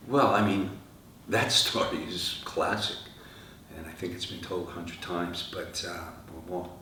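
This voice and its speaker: A middle-aged man, a rock singer, telling lively stories in an interview and acting out the voices of the people in them. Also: low-pitched, a little slow. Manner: animated anecdotes, acting out quoted dialogue. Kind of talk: storytelling interview answers. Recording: echoey room, from far off, faint noise.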